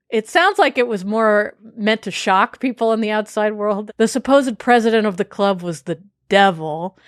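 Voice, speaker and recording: A woman's voice: mid-range voice, smooth, no room sound, studio quality. A woman hosting a podcast in casual chat, talkative, with swearing and laughing asides. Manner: chatty, swearing, laughing asides, many fillers. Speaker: podcast host.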